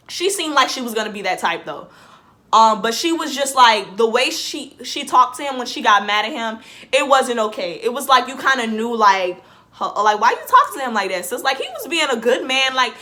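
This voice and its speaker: A woman talks to her viewers in a loose, chatty vlog commentary. Her voice sits a little high and has a sharp, bright ring. She puts "like" into nearly every phrase and keeps starting over. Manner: chatty, fills every phrase with "like", restarts sentences. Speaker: vlogger. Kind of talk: casual reaction commentary.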